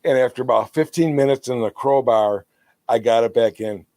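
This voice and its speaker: A man co-hosting a podcast in casual chat, retelling a funny skit with animated energy and laughter into his podcast microphone. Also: mid-range voice, moderate pace, no echo, clean studio sound. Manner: animated storyteller who laughs while retelling. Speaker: podcast co-host.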